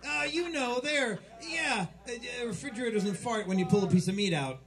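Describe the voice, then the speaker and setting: A man doing stand-up, telling dirty jokes in a rambling, stumbling way with loud punchlines, live in a small club. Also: very high voice, fairly quick. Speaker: stand-up comic.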